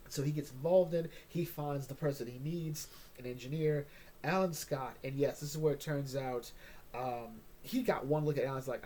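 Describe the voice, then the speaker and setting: Rambling, mellow-voiced man reviewing comics. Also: medium pitch, measured pace, a little hiss or hum. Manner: joking, rambling, keeps asking "all right?". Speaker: comic book podcast host. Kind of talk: casual comic review chat.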